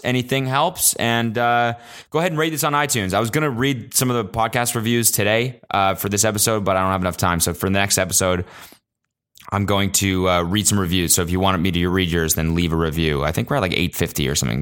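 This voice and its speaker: This young man hosts a podcast by himself, and his voice sits on the low side with a slightly bright tone. His casual monologue rambles through profane, joking stories, with quotes acted out in over-the-top voices.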